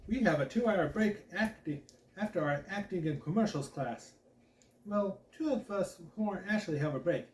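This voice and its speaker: A man hosting a channel, reading a children's novel aloud in an expressive storytelling voice. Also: high-pitched, moderate pace. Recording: echoey room, mic at a distance, faint background hiss.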